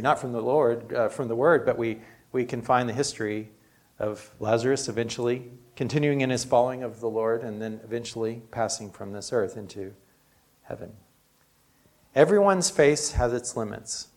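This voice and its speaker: A man's voice: medium pitch, creaky. Male pastor, everyday sermon delivery, earnest and chatty. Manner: earnest, conversational preaching with frequent "you know".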